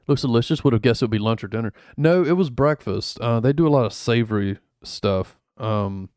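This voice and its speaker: A man's voice: medium pitch, a little fast, darkish tone, no room sound, clean studio sound. A man streaming in a rambling, laid-back chat full of fillers, going over his travel photos. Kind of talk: casual chat.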